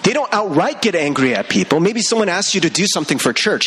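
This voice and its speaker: A young male pastor giving a sermon in an animated, conversational way, laughing between points and talking straight to the congregation. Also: sits high, fast talker.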